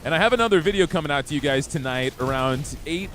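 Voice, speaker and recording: A young man talks casually and cheerfully as he plays a game live, reading and answering his chat. His voice sits fairly high and moves around a lot. Soft music plays quietly underneath. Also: animated, fast talker. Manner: upbeat, chatty, talks to chat. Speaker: streamer. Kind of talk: live gameplay commentary.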